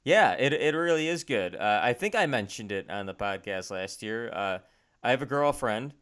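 A young man on a podcast, rambling in a self-deprecating way and filling gaps with ums and uhs. His voice is smooth and clear at a middle pitch, recorded on a home studio mic. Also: lively intonation, moderate pace, fairly bright tone. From Chicago area. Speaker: podcast co-host. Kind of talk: casual chat. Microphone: home studio microphone over a video call.

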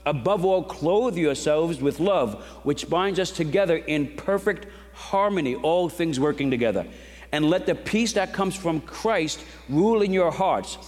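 A man's voice: fairly high pitch, a little mellow. A middle-aged man preaching a sermon in a conversational storytelling style, with rhetorical questions to the congregation. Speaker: pastor. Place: church sanctuary. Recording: long reverb of a large hall.

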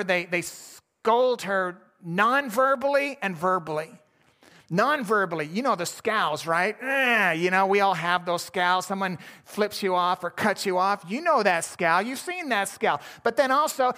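A man's voice: high-pitched, bright, forceful tone. A man preaching a sermon in a conversational way, often restarting his phrases and adding asides to the congregation. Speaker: pastor.

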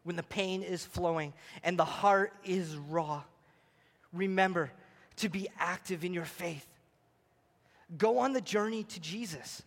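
A man preaching a sermon as pastor, swinging between near-shouted exclamations and quiet, hushed passages. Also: sits high, a little slow, creaky, big-room sound.

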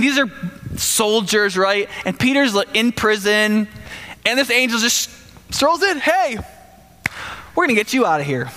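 A man preaching in a relaxed, conversational way, spinning the story with playful asides and quick acted-out voices. His voice sits high and bright. The sound carries a long reverb, as if from a large hall. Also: gravelly. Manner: animated storytelling, acts out quotes in bursts. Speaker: pastor. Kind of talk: casual sermon.

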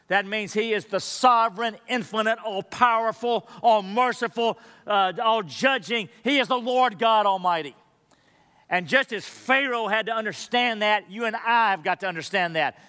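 Man, pastor, sermon, rhetorical questions, bright tone, long hall reverb. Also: high voice, smooth. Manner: emphatic, conversational preaching with rhetorical questions.

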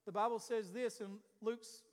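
A man with a high, light voice preaches a sermon. His lines climb to loud, rising peaks and then fall to quiet asides as he presses his listeners with questions. The sound carries the long echo of a church hall. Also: fairly even intonation, measured pace. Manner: preaches with sudden loud rises and quiet drops, asks the congregation questions. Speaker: pastor.

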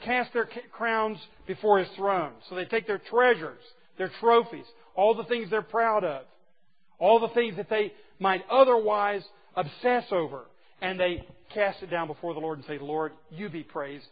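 A man preaching a sermon to a group of men, emphatic and folksy, dropping from loud exclamations to hushed asides. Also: sits high, highs cut off. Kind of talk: sermon to a men's gathering.

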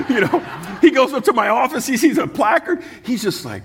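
A man's voice: extremely high pitch, huge pitch swings, normal speed. A male pastor preaching a sermon, earnest and passionate, weaving humorous personal stories into his message.

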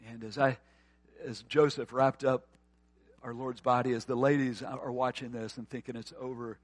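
A man preaching a sermon, earnest and often quiet and tender, then rising to forceful emphasis. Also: medium pitch, no echo. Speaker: pastor.

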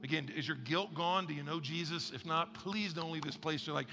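A man's voice: a little high, fairly quick, few pauses, long reverb tail, music in the background. A male pastor preaching a sermon in a conversational, joking way, leading the congregation in spoken declarations.

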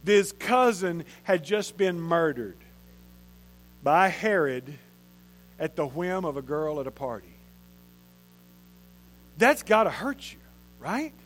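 A man's voice: on the high side, lively intonation, slow, pauses often, a bit bright, soft background music. A man, preaching a sermon in a conversational way and repeating phrases for emphasis. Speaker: pastor.

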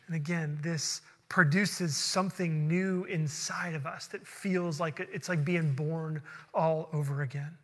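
A man preaching a sermon as a pastor, telling a personal story with earnest energy that builds into quick excited bursts before settling into prayer. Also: fairly high pitch, long reverb tail. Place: church sanctuary.

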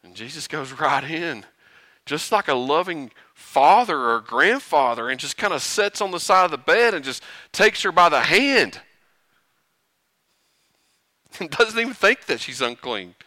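A man preaching a sermon, animated and often chuckling, building to rhetorical questions. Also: fairly high pitch, measured pace, no room sound, clean studio sound.

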